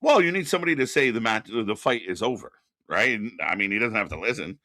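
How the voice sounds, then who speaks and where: A man's voice: on the low side, lively intonation, fast, a crowd in the background. A man co-hosting a live wrestling reaction stream, chatting casually and greeting viewers in the chat by name.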